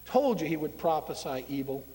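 A man's voice: a little high, sing-song, normal speed, dark tone, long reverb tail, voice pushed down. A man preaching a sermon, voicing a resentful male king who complains about a prophet. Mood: grumbling.

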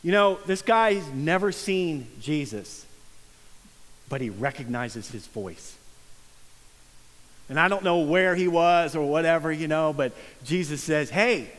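A male pastor delivers a sermon in an earnest, conversational way, now and then sinking to a hush to drive a point home. His voice sits a little high for a man. The sound carries a long, lingering reverb from a large sanctuary. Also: expressive, measured pace. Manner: earnest, conversational preaching with soft hushed emphasis.

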